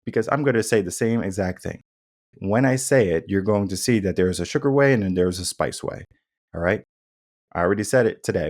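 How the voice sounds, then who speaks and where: Talking a little fast, this young adult podcast host has a deep, slightly mellow voice. He delivers a casual monologue with emphasis and repetition, voicing quotes in changing tones.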